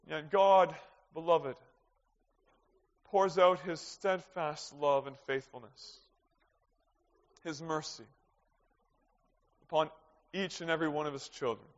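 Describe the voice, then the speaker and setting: Male pastor, higher-pitched voice, earnest pulpit delivery with questions to the pews; dull lo-fi recording. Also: a bit bright. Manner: earnest, asks the congregation rhetorical questions. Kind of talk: sermon. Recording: dull lo-fi sound with long hall reverb.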